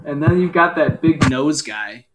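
A young man co-hosting a casual podcast, laughing often as he runs through quick grunts and death-cry impressions. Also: a little high, animated, noisy background. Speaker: podcast co-host. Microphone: home microphone.

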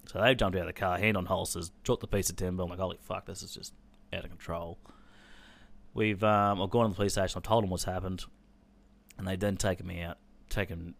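An Australian man telling a personal story in an intense, blunt way, swearing freely. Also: low-pitched.

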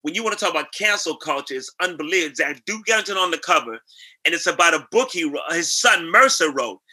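A man from New York, a singer and actor, telling animated stories in a casual interview and acting out the voices of people in them. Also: on the high side, fast.

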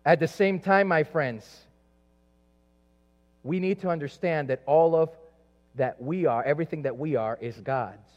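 A man's voice: on the high side, measured pace, pauses often. A man from South America preaching a sermon, telling a personal story in a loose, conversational way with many asides. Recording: echoey hall, dull lo-fi sound.

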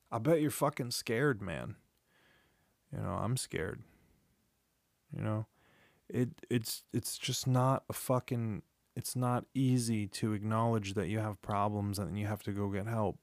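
A man's voice: on the low side, a little mellow, dry recording, studio quality. A man in his thirties hosting a solo podcast, rambling and confessional, swearing often and restarting his sentences, tired and yawning. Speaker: podcast host. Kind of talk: candid solo podcast monologue. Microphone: studio microphone.

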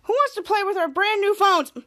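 A woman plays a bossy, upbeat young woman in a read-aloud recap. The voice runs high and bright. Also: expressive, fairly quick, dry recording, clean studio sound, full character voice.

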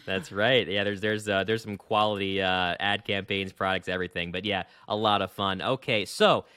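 A man hosting a casual gaming podcast, rambling and animated with lots of fillers. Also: deep voice, normal speed, clean tone, no echo. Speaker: podcast host.

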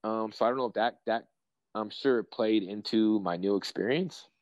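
A young man, a professional fighter, chatting casually in an interview and telling rambling, excitable, profane stories. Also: lowish voice, moderate pace, no echo, dull audio.

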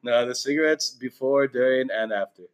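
A man's voice: mid-range voice, moderate pace, crowd noise. A man hosting a casual podcast, joking and teasing his friends and laughing often. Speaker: podcast host. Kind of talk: casual banter.

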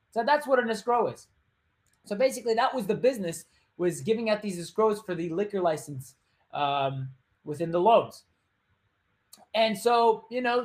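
A male host in a relaxed, rambling storytelling monologue. He drifts through the tale with fillers and restarts. He breaks it up with wisecracks to the listener. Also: high-pitched. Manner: chatty, loose, with joking asides and quick put-on voices. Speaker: podcast host.

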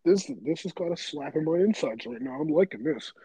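A young man in casual chat, slangy and animated, laughing often. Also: on the high side, a little fast, slightly rough, dry recording, rough recording.

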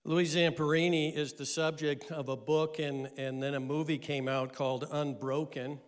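A middle-aged man, a pastor, telling a story in a sermon with lively delivery and frequent pauses. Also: on the high side, clear, resonant tone.

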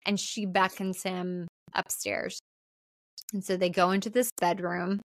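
A woman's voice: lowish voice, flat delivery, measured pace, no room sound. A young adult woman co-hosting a podcast, chatting casually through a film recap with lots of fillers and the odd swear word. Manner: chatty, frequent "like" fillers, profane. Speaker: podcast co-host.

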